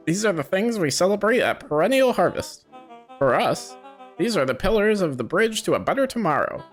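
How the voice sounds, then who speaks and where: Man reads a folksy speechifying businessman, lively swooping delivery, soft game music underneath. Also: high-pitched, normal speed, voice pushed up. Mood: grandiose. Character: showy small-town businessman giving a festival speech.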